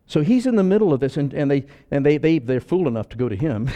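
A man preaching a sermon as pastor, animated and acting out voices, moving between loud and soft. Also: mid-range voice, a little fast.

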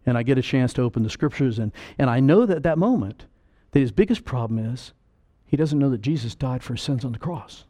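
A middle-aged man preaching a sermon, emphatic, swinging between loud declarations and quiet, slowed-down asides. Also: mid-range voice, animated.

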